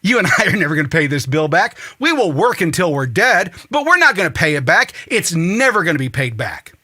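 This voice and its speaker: A man hosting a talk show, delivering an angry, profane political monologue that rises to shouting. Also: high-pitched. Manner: ranting, swearing, rising to shouts.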